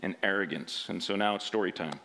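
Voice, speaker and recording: A man's voice: low voice, brisk, creaky, pushed and bright. A man preaching through a rambling personal story in a conversational sermon style, often checking in with "right?".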